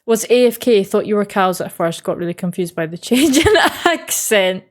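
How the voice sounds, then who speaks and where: A woman's voice: medium pitch, big pitch swings, normal speed. Chatty Australian woman streamer. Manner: chatty and easygoing, answers chat messages, laughs often. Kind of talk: casual chat reading out live chat.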